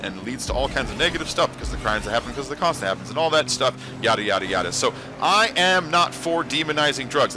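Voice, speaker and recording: A man hosting a casual livestream, rambling and talking back to his chat. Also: medium pitch. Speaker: livestream host.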